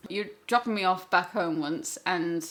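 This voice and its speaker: A woman's voice: lowish voice, unhurried, fairly bright tone. A woman from the Black Country with a Black Country accent, co-hosting a casual chat, laughing often and swearing casually. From England, Black Country. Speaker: podcast co-host.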